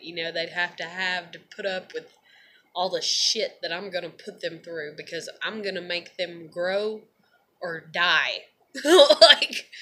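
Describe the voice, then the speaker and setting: A woman's voice: lowish voice, bright, forceful tone. A tired young woman, venting to camera in a rambling, profane way and laughing often. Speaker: vlogger.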